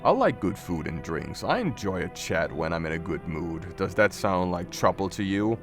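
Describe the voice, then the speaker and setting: A man's voice: deep voice, very animated, normal speed, a bit bright, soft background music, pitched below the performer's own voice, full character voice. A man voicing a tall, eerie male visitor creature in a game, polite and faintly menacing. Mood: courteous. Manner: smooth, courteous, faintly menacing. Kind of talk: game dialogue read aloud.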